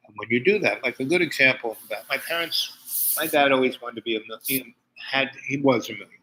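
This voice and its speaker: An older man from Harlem talks through a meandering story, circling back on himself with restarts and asides. His voice is bright and forward. A faint hiss of noise sits under the recording. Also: mid-range voice, brisk, poor audio. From Harlem, New York. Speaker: host. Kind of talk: rambling personal monologue.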